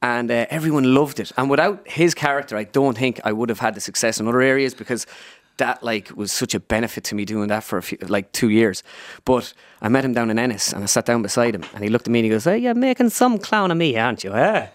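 A man's voice: mid-range voice, fairly even intonation, fast, no echo, studio quality. A young man with an Irish accent, a comedian guest telling stories in a chatty radio interview. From Ireland. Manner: storytelling, lots of fillers and impressions.

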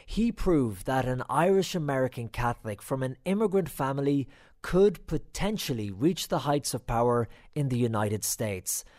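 A man's voice: medium pitch, lively intonation, moderate pace, a little mellow. Male narrator, mid-range voice, scripted documentary reads. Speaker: host and narrator.

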